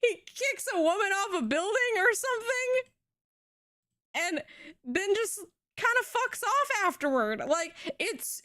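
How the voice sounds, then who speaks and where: A young woman streaming, retelling a show in an animated, rambling way with casual swearing. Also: sits high, no echo, studio quality. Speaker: VTuber streamer.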